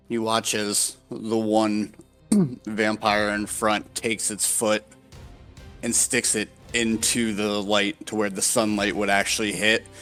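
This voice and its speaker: A man narrating as dungeon master, unhurried and hesitant with many pauses and fillers. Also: lowish voice, fairly even intonation, a bit bright, soft background music. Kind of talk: narrating a tabletop game.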